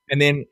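An Australian man appears as a podcast guest in a casual chat, recorded in studio quality with no room sound. He's an animated storyteller who laughs often and acts out the quotes.

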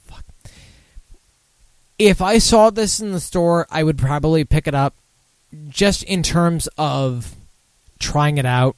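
A man's voice: fairly high pitch, slow, long pauses, clear, resonant tone, dry recording. A drunk man hosting a casual beer talk show, rambling, swearing and losing his thread. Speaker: podcast host.

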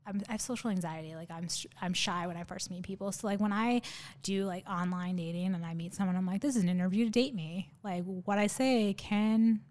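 A woman's voice: medium pitch, steady tone, brisk, darkish tone. A woman in her thirties, a podcast guest, telling a personal story in a nervous, rambling way with many fillers and restarts. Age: 30s.

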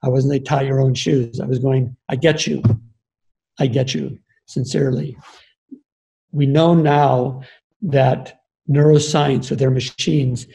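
An older man, a grandfather, giving an earnest, explanatory talk on leadership and the body, often pausing with ums and restarting phrases. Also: medium pitch, gravelly, mellow, poor audio. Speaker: speaker on embodied leadership. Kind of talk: reflective talk.

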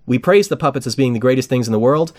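A man's voice: mid-range voice, quick pace. Man, podcast host; casual chat, passionate ranting delivery with jokes. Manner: animated, ranting and joking.

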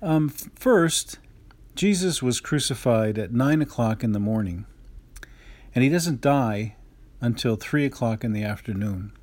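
A man who is a Catholic priest, giving a homily after reading a gospel passage aloud, measured and plain, with fillers and restarts. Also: medium pitch, lively intonation, darkish tone, dry recording.

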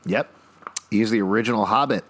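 A man with a fairly low voice hosts a casual podcast. He recaps an episode plot with dry, easygoing asides. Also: a little fast. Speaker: podcast host.

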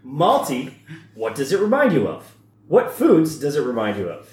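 A man's voice: fairly high pitch, huge pitch swings, moderate pace, darkish tone. Echoey man hosting a podcast. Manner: laughing, reads segments aloud. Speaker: podcast host. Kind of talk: casual podcast chat, reading notes. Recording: echoey room, faint hiss.

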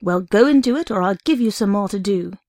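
A woman's voice: medium pitch, animated, moderate pace, vocal fry, mellow, no echo, clean studio sound. A woman reading aloud, voicing a young male priest who scolds and hisses in anger. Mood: scolding. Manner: scolding, hissing. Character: angry young male priest, gruff then gloomy.

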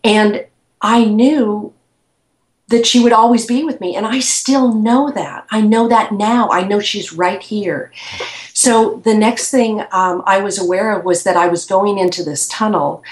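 A woman guest slowly and reflectively recounting a personal experience in an interview. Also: mid-range voice, reverberant.

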